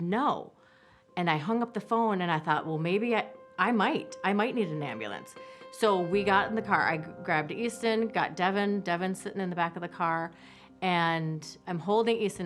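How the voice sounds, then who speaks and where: Low-voiced woman recounting a hard story. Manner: halting, with many restarts, reliving events. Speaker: mother telling her family's story. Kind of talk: personal testimony interview.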